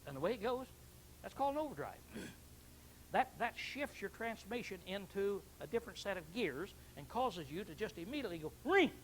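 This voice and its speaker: A man's voice: high-pitched, animated, fairly quick, slight background noise, low-quality recording. Older man preaching a folksy sermon. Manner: folksy, repeats phrases, clears throat often.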